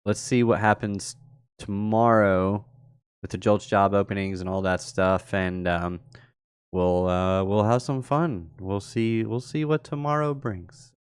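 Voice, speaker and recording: A man's voice: on the low side, steady tone, unhurried, clear, resonant tone, no echo, clean studio sound. A young man hosting a live stream, chatting casually and rambling, laughing often as he talks. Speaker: host.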